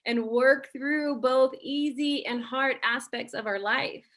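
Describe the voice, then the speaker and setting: A woman's voice: high voice, fairly even intonation, takes it slowly, fairly bright tone. A woman who is a guest on a podcast, walking through a numbered list of points in casual conversation. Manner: explains points from a numbered list, says "mm-hmm" often while listening.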